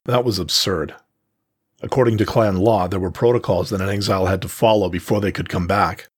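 A man narrating a first-person story in a steady, measured way. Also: deep voice, slightly rough, dry recording, studio quality.

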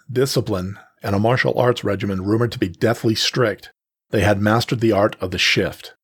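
A man narrating a first-person story in a steady, measured way. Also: fairly low pitch, slightly rough, dry recording, studio quality.

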